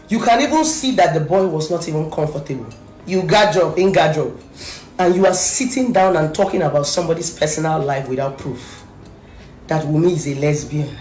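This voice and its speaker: Speaking low, brisk and a little mellow, a Nigerian-accented woman who comments on social media rants fiercely and accusingly to camera, driving her points home through repetition. The room echoes, and faint music plays behind her.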